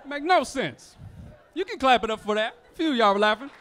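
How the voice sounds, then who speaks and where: A young man works a comedy club crowd with a high, bright voice that swoops up and down. He talks playfully and keeps breaking into character voices. The sound is a handheld stage mic. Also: animated, fairly quick. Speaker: stand-up comedian. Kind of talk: stand-up comedy set. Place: comedy club stage before a laughing audience.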